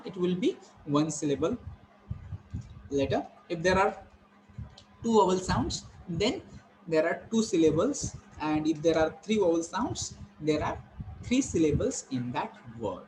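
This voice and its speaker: Male lecturer, slightly high voice, patient step-by-step classroom delivery, faint hum behind. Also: low-quality recording. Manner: explains step by step, repeats key points, slows to stress words. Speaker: teacher.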